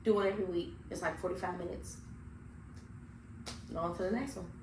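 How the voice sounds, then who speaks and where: A woman's voice: fairly low pitch, steady tone, a little fast. A woman co-hosting a podcast in blunt, reflective casual chat, swearing freely. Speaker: podcast co-host. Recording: echoey room with faint noise.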